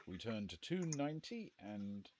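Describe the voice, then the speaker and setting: Man, mid pitch, lively delivery, dry wit, reads gamebook text for a live stream; faint hiss. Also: moderate pace. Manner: dry, wry understatement. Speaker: co-host reading the gamebook. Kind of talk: casual live-stream gamebook play-through.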